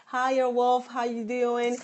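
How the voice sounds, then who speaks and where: Reading comments aloud on a live phone stream, this stylist in her thirties gushes cheerful thanks to viewers while nursing a sore throat. She's from the Dominican Republic and has a Boston accent. Her voice sits on the high side, unhurried and monotone.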